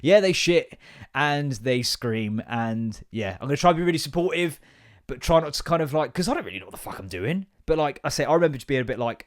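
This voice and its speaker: A man's voice: on the high side, a little fast. A man, hosting a casual comedic podcast monologue in a rambling, swearing, self-mocking way. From England. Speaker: podcast host.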